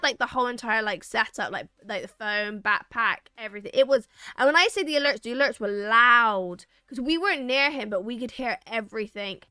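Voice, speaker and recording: A woman's voice: fairly high pitch, smooth, dry recording, studio quality. A young woman streamer telling a rambling story to her chat, acting out what people said. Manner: animated, acts out quoted lines, rambling restarts.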